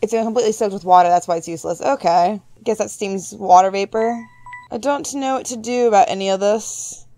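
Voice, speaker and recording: A young woman with a brisk, mellow voice plays a horror game for her YouTube channel. She reads text aloud, jokes to herself, and squeals in high-pitched surprise.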